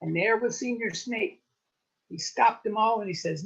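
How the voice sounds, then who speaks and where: Lively woman telling a folk tale. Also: medium pitch, normal speed, creaky, highs cut off. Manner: lively, playful wordplay. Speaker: storyteller. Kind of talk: told folk tale at a story swap.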